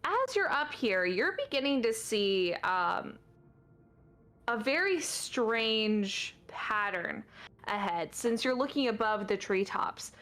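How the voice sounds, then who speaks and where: Woman game master narrating a scene, mid pitch, slow and easygoing. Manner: descriptive, relaxed narration with fillers.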